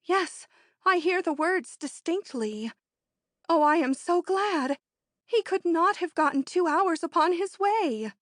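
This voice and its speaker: A woman reading an audiobook, voicing a bold, excitable rich young woman in an eager, emphatic way. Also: moderate pace, no echo, clean studio sound. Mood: excited. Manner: eager, emphatic, high-strung.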